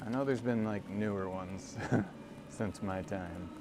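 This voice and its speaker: Slow-talking man in his forties. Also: on the low side. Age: 40s. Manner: rambling, self-amused, chatting with viewers. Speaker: livestreamer. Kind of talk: casual chat while riding. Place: outdoors on a cargo bike by a lake. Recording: outdoor ride with clear background noise.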